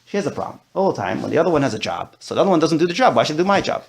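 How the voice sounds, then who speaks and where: Animated quick-talking male teacher. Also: fairly high pitch, creaky. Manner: animated, quick talker with Yiddish and Hebrew terms. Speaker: Torah teacher. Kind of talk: discussion-style class.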